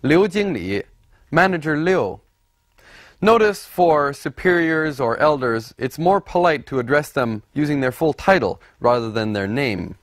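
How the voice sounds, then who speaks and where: Slow, lively man teaching a lesson. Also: a little high, no echo, clean studio sound. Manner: deliberate, explanatory, models words by repeating them. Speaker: language teacher. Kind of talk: scripted lesson narration.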